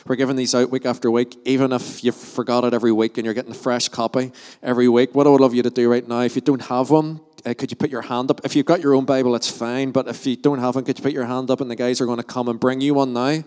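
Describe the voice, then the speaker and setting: A man's voice: mid-range voice, level tone, fast talker, few pauses, darkish tone, clean tone. A man, a pastor, leading fervent prayer and church announcements and often restarting his phrases. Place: church hall. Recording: long reverb of a church hall.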